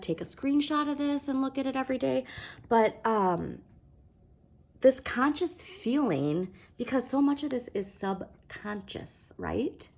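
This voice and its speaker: A woman's voice: medium pitch, a little mellow. A woman giving a casual tarot reading, encouraging her listeners and often checking in with "okay?". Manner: fillers and restarts. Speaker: tarot reader.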